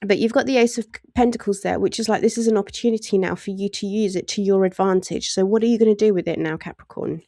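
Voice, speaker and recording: A woman's voice: mid-range voice, steady tone, fast talker, vocal fry, few pauses, mellow, dry recording, clean studio sound. A woman giving a casual tarot reading, chatty and laughing often as she acts out little voices in asides. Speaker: tarot reader.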